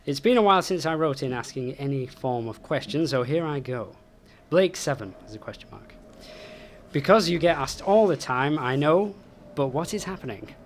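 A man's voice: fairly high pitch, animated, moderate pace, slight background noise. A man reading out a listener's letter, amused and chuckling as he goes.

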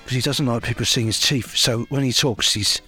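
A man's voice: mid-range voice, fairly quick, pushed and bright, soft background music. A man co-hosting a podcast, talking in an enthusiastic, rambling, chatty way. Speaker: podcast co-host. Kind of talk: casual chat.

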